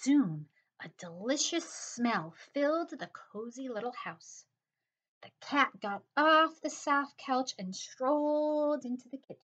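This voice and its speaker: A woman reading a children's story aloud in a slow, expressive storytelling manner. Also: high-pitched. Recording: dull lo-fi recording.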